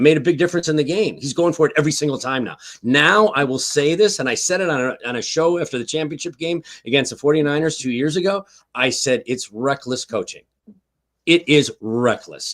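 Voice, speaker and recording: An older man giving heated, emphatic football commentary on a streamed talk show, repeating his points and tagging lines with "okay?". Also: on the high side. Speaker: guest analyst, former team staff. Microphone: online stream call.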